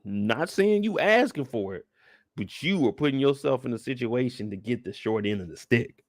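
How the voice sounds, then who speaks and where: A man's voice: medium pitch, expressive, normal speed, dry recording, studio quality. A man hosting a channel, giving joking, profane reaction commentary on a TV drama. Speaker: channel host.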